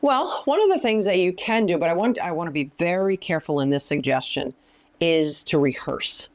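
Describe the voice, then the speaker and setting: A woman's voice: on the low side, animated, normal speed. A woman counselor and minister teaching in an interview, speaking emphatically and giving practical advice. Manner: emphatic, often acting out quoted lines.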